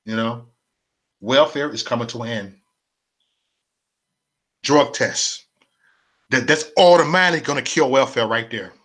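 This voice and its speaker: A man ranting on a live stream, stammering and repeating words, his mouth dry and his voice going hoarse. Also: medium pitch, measured pace, pauses often, fairly bright tone. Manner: stammering repetitions, fiery ranting. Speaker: political vlogger. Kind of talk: live-streamed political rant.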